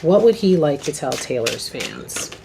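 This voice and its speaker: A woman's voice: low-pitched, very animated, a little slow, gravelly. A woman doing a casual, rambling tarot reading to camera, often asking okay. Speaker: tarot reader. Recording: noisy home video recording.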